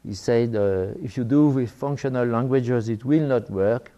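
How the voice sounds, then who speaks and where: A man's voice: medium pitch, mellow, lo-fi sound. An older French man giving an academic talk in English, with many fillers and restarts. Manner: halting, with frequent fillers and restarts. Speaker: lecturer.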